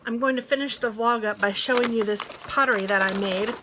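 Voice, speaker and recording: A woman's voice: fairly high pitch, brisk. Chatty flustered woman vlogging in a car. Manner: chatty, flustered, self-deprecating. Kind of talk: casual driving vlog. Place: inside a car while driving. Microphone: phone on a gooseneck holder. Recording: car noise behind her.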